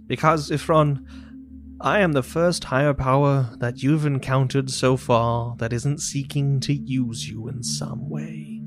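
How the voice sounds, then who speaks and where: A man voicing a grave, weary male higher power who speaks in a measured, slow way, with music behind. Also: fairly even intonation, close to an everyday voice. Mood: earnest. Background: ambient music with singing bowl.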